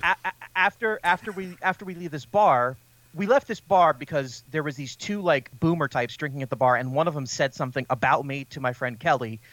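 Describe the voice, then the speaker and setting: A man telling a long, rambling anecdote on a podcast, animated and laughing as he goes. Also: on the high side, brisk, dry recording. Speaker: podcast co-host. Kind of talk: casual chat.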